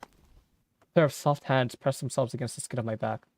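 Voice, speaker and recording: A man voicing a caring young man who pleads frantically, then soothes a friend softly, in a game. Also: mid-range voice, steady tone, moderate pace, no echo, lightly acted. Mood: frantic.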